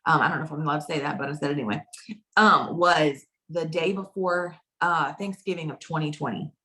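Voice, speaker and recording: A woman's voice: low-pitched, a little fast, pushed and bright. A woman consultant telling her personal story in a casual, chatty way, often repeating phrases for emphasis. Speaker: direct sales consultant.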